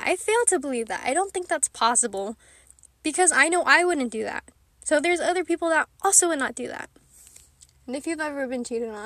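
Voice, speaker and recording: Young woman, high voice, dry room-free sound, casual vlog chat, frank, rambling. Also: sharp tone, dry recording. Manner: rambling, frank, laughs often. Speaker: vlogger. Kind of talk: candid casual chat to camera.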